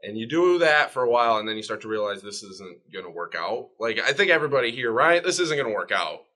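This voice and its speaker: A man's voice: mid-range voice, sing-song, fast, bright, forceful tone. A male comedian in a documentary interview, talking casually and asking for agreement. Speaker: stand-up comedian.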